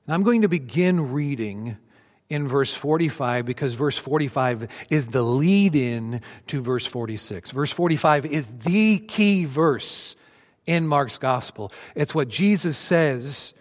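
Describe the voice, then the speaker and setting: A man's voice: lively intonation, measured pace. A man in his fifties, a pastor preaching a sermon to his congregation and reading scripture with dramatic rises and drops. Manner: dramatic scripture reading, rising for cries and dropping low. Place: church sanctuary. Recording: long reverb of a church hall.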